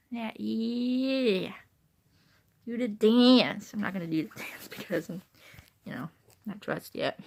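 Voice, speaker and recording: A woman's voice: medium pitch, fairly bright tone. A woman talking casually to her viewers, rambling and repeating herself, with bursts of laughter between thoughts. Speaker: vlogger.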